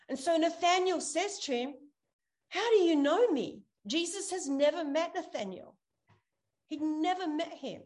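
A woman pastor giving an online sermon, retelling a Bible story with animated storytelling and acting out the characters' lines. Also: very high voice, a little slow. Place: online church service over video call.

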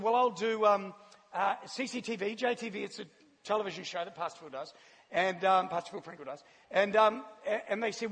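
New zealand guy preaching and telling his story, high husky voice, big echoey hall. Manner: animated storyteller, laughs often. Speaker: church speaker. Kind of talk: sermon with personal testimony. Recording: long hall reverb.

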